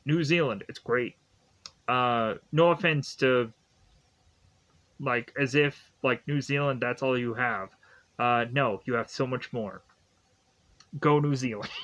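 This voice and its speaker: Brief young male reviewer, slightly higher voice, loose rambling recap with jokey asides. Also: a bit bright, dull audio. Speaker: show reviewer. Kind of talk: casual recap commentary.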